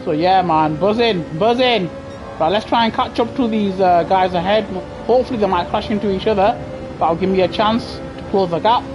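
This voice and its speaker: A man giving live commentary over his racing game through a gaming headset, muttering to himself and breaking into excited shouts. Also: high-pitched, normal speed, rough recording. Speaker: gaming streamer. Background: game music and car engine sounds.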